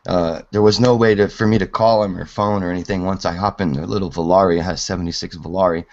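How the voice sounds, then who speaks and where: A man's voice: low-pitched, fairly even intonation, fast, darkish tone, highs cut off, slight background noise. A man in his forties rambling casually about physics theories, swearing and laughing often. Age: 40s. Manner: rambling, profane, laughs a lot. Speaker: hangout participant.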